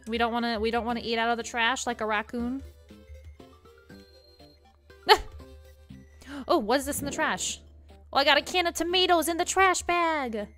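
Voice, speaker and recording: A woman's voice: high-pitched, normal speed, long pauses, fairly bright tone. A young woman streamer chatting and giggling through a game, reading its text aloud, with music faintly behind. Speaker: gaming streamer. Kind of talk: let's play commentary.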